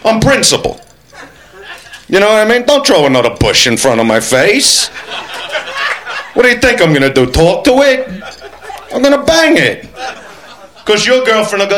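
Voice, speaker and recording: A man doing a crude, brash stand-up routine with an excitable, punchy delivery. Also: sits high, normal speed, long pauses. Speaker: stand-up comedian.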